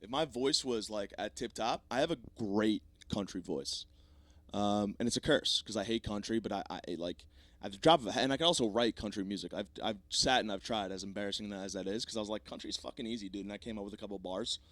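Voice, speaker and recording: A man's voice: on the low side, quick pace, a bit bright, dry recording. Podcast host, man in his 30s, profane comic ranter, voice a bit sore, dry booth sound. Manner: profane, rambling, self-mocking. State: slightly sore voice. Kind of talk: comedic solo podcast rant.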